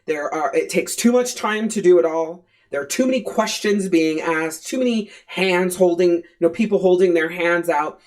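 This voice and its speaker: A woman's voice: fairly low pitch, darkish tone. A woman coach speaks in a candid podcast monologue. She is blunt and swears freely. Her talk is loose and conversational, full of "you know" and "right", and she stacks repeated phrases to drive a point home. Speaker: life coach and podcast host.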